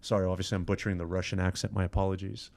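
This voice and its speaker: Animated man telling stories, laughing often. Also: low-pitched, creaky. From Iran. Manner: animated storyteller, laughs often, quick restarts. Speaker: podcast guest. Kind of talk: casual chat.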